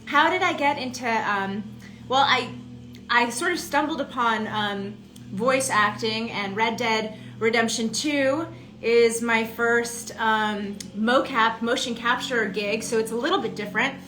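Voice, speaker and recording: A woman's voice: fairly high pitch, measured pace, sharp tone, soft background music. A woman, an actress, chatting casually on a live stream, greeting fans by name and reading their comments aloud while she signs. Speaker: voice and motion-capture actress hosting a fan signing. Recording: echoey room.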